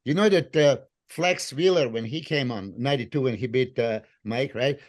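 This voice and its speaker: A male co-host speaking with phrasing, animated and halting with fillers. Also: mid-range voice. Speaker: podcast co-host, former bodybuilder. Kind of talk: casual interview chat.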